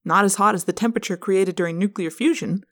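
A woman's voice: mid-range voice, quick pace, fairly bright tone, lightly acted. Woman doing earnest alien boy, stiff formal cadence, audiobook feel. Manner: careful, literal, formal cadence. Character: curious earnest alien boy in human form. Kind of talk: fan audiobook reading.

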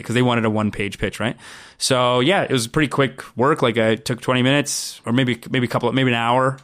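A man telling stories as an interview guest in a casual chat, acting out quotes with lively jumps in pitch. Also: moderate pace. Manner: animated storyteller, acts out quotes with big pitch jumps. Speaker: guest, comedian pitching a show.

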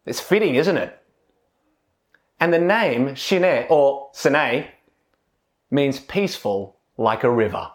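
A man preaching an expository sermon in an earnest, expressive way, often putting rhetorical questions to his listeners. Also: medium pitch, takes it slowly, pauses often.

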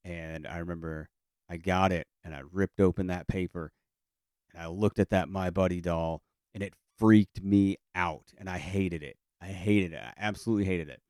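A man with a very low voice tells a personal story in a loose, comic way, full of fillers and self-corrections. He speaks close to the mic with no room sound. He breaks into the voices of the people in his story now and then. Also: steady tone, normal speed, a little mellow, dry recording. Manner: rambling, many fillers and restarts; acts out family voices in quotes.

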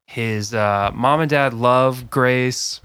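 A man's voice: mid-range voice, slow, fairly bright tone, clean tone, no echo. A man co-hosting a podcast, relaxing into a long story with lots of fillers and laughs. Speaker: podcast co-host. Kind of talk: casual chat, storytelling.

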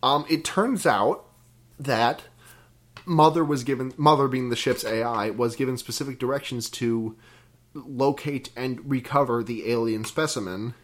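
A woman's voice: very deep voice, unhurried. A woman co-hosting a podcast, rambling casually and swearing freely while she retells a film plot. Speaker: podcast co-host. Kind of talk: casual chat.

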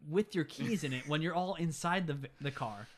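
A young man, a podcast co-host, casually retelling a movie scene by scene with lively quoted voices. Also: a little high, fairly quick. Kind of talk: casual movie recap chat.

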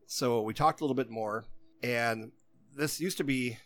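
A man's voice: medium pitch, moderate pace. A man in casual chat, telling a long story in a rambling way and often stopping to quote what other people said. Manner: rambling, repeats "she goes" while quoting others.

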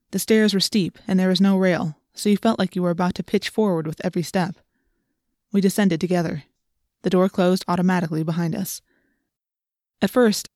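A woman narrating a first-person audiobook in a steady, plain storytelling voice. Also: lowish voice, no echo, clean studio sound.

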